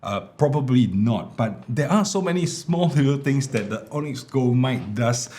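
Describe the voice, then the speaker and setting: Casually explaining a small wireless mic with many fillers, a man with a mid-range voice keeps a moderate pace. He's a tech reviewer making a product demo vlog at home, where an air conditioner is running, and he's miked with a small wireless clip mic.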